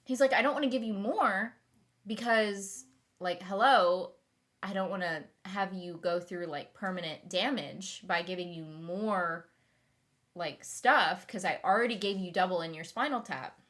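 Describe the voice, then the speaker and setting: In a casual vlog, a young woman rambles through a long personal story, full of fillers and restarts. Her mid-range voice is slightly bright and unhurried.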